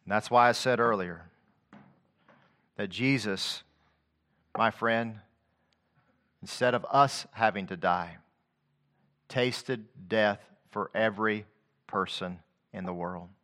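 Slow and marked by long pauses, a man's sermon quotes scripture in rhythmic cadence, swinging from soft, low moments to loud, rising declamation.

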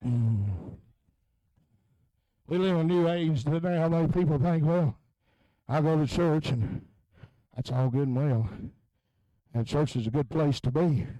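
A man preaching a revival sermon in a tent, moving between low, quiet talk and chanted, shouted peaks. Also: no echo, low-quality recording.

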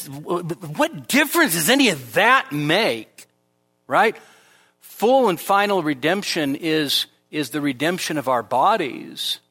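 A man preaching a sermon to a church congregation, rising to emphatic high peaks on key points and dropping into conversational asides and light humor. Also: bright, forceful tone, in a large hall. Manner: emphatic, climbs sharply in pitch when stressing a point. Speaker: pastor. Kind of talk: expository sermon. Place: church service before a congregation.

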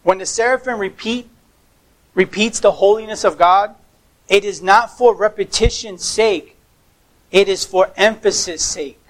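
A man's voice: high-pitched, a little slow, low-quality recording. A man preaching a sermon as pastor, emphatic, stressing words by repeating them, with occasional stumbles.

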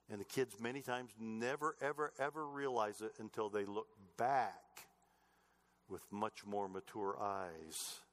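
A middle-aged man preaching a sermon, telling family stories earnestly, moving between loud emphatic lines and soft, low asides. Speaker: pastor.

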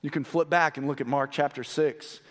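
Male pastor, sermon delivery, higher voice, hushed-to-excited swings, long hall echo. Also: normal speed. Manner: swings between hushed, low storytelling and raised, excited emphasis.

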